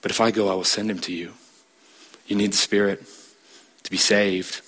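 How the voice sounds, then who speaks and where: A man's voice: level tone, normal speed, fairly bright tone, husky. A man preaching a sermon, stressing his points emphatically and asking the listeners direct questions. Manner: emphatic, rising to a high pitch to stress points.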